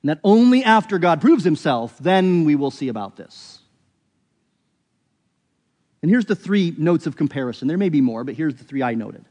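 An earnest man preaches with a slightly raised, higher-than-usual pitch, explaining a text step by step and pausing to correct himself. His voice rings out with a long hall reverb around it. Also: very animated, a little mellow. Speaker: pastor. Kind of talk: sermon.

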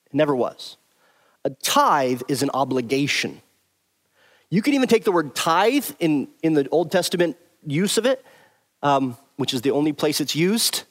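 A man's voice: fairly high pitch, a bit bright. A man teaching through a Bible passage verse by verse, stressing and repeating his key points emphatically.

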